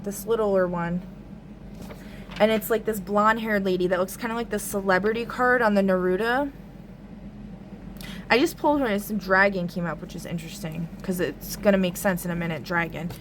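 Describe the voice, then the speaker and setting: A woman rambles through a dream in a casual vlog, her voice sitting at a middle pitch. She fills her talk with "like" and swears freely. A faint hiss sits under the recording. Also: normal speed. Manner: rambling, lots of "like", frequent swearing. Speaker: tarot reader recounting a dream.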